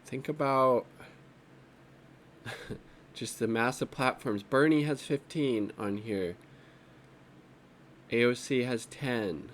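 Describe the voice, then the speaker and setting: A man's voice: medium pitch, takes it slowly, long pauses, slight background noise. A man giving casual off-the-cuff political commentary while browsing social media, rambling and profane, with an exasperated edge.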